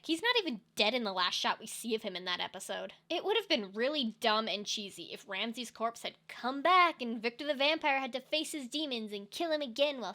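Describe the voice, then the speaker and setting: A young woman with a slightly high voice delivers comedic movie commentary. She rants with a dry, sarcastic edge, swinging between exasperation and jokes. Her talk is fast and conversational, like a video essay. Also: sharp tone. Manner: sarcastic, ranting.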